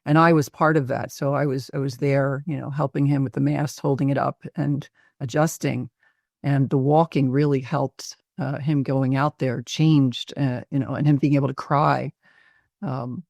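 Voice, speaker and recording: A woman's voice: very deep voice, vocal fry, darkish tone, dry recording, studio quality. A woman psychiatrist recounting a patient case, reflective, with frequent fillers.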